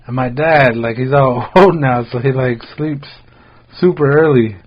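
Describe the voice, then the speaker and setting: A relaxed American man hosting a podcast, spinning a long story in easy, meandering chat. His talk is loose and profane, packed with "like" fillers, at a middle pitch. The audio sounds a little muffled and dull. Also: unhurried, slightly rough. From United States. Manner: laid-back, rambling, heavy on "like" fillers and swearing. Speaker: podcast host.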